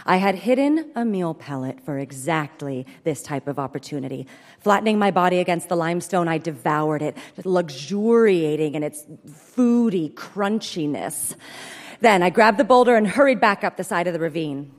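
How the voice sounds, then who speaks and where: A woman performing a comic story reading live, in a brisk, deadpan manner, heard in an echoey hall. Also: lowish voice. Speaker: comedic storyteller.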